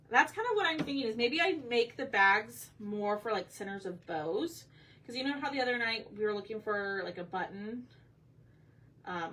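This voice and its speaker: Casual craft host, woman, bright and forward tone, a bit off-mic with faint room hum. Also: medium pitch, far from the mic. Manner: chatty, talks to viewers while working. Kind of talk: casual chat while painting.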